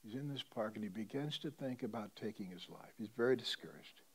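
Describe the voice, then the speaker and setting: A man preaching a sermon as a pastor, telling a story and swinging between loud emphasis and hushed tones. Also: fairly low pitch, brisk, husky.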